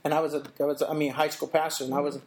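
A middle-aged man, an interview guest, telling a personal story in a thoughtful way, with halting restarts and little acted-out quotes. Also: on the high side, flat delivery, darkish tone.

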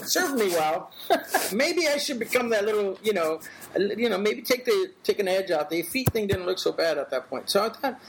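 A middle-aged man, an interview guest, telling a personal story in a thoughtful way, with halting restarts and little acted-out quotes. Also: high voice, expressive, creaky, background noise.

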